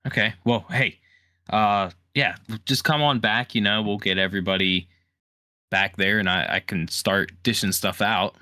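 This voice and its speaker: A man's voice: fairly low pitch, steady tone, normal speed, pushed and bright, dry recording, clean studio sound. A man playing a tabletop game, talking in a laid-back, hesitant way with lots of fillers. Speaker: player. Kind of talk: casual tabletop role-play.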